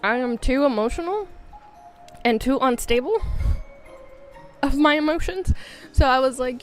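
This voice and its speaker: Woman streamer, 30s, higher voice; candid, self-mocking ramble over faint game music. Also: lively intonation, normal speed. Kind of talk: casual chat while gaming.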